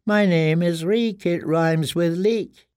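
A man voicing a starved, broken male prisoner who whimpers and begs in a thin, weak, squeaking voice, stammering with terror. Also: fairly even intonation, drawn-out words, a little mellow, no echo, clean studio sound, exaggerated voice. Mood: broken, tearful.

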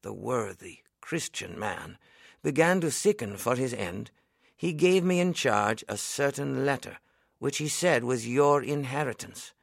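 A man's voice: mid-range voice, very animated, creaky, no room sound, studio quality, heavily acted. A man doing a solemn old country minister. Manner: solemn, measured, old-fashioned speech. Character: elderly male country minister, earnest and kindly. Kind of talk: audiobook character reading.

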